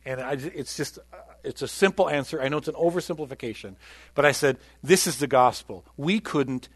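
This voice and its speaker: A middle-aged pastor tells a story from his own life in an easy, conversational way. He often drops to a hushed, quiet voice. The sound is close and dry, with no room echo. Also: medium pitch. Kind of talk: sermon storytelling.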